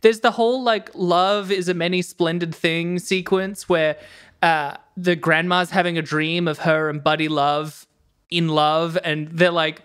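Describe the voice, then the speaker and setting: A woman's voice: on the low side, fairly even intonation, unhurried, smooth. A woman co-hosting a film review podcast, giving earnest, rambling plot recaps in casual chat. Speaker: podcast co-host.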